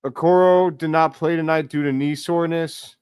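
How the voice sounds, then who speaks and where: A man hosting a live stream, giving casual play-by-play commentary as an excitable fan who talks to his chat. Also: fairly high pitch, moderate pace, clean tone, no room sound, clean studio sound.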